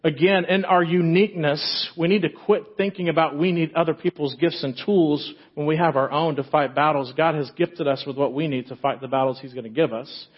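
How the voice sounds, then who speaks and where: A man's voice: fairly high pitch, fairly even intonation, fairly quick, hardly any pauses, slightly rough, lo-fi sound. A man pastor preaching a sermon in a church, retelling a story in a casual, joking way.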